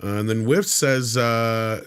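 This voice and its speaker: A man's voice: medium pitch, steady tone, takes it slowly, a bit bright, clean tone. A man hosting a casual panel chat, reading out viewer comments and joking with the others. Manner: laughs often, loose and joking.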